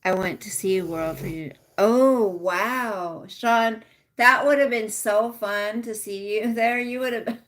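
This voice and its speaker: A woman's voice: fairly high pitch, slow, fairly bright tone. A middle-aged woman casually chatting with viewers on a livestream, reading out their comments. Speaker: livestream host. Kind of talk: casual live chat with viewers.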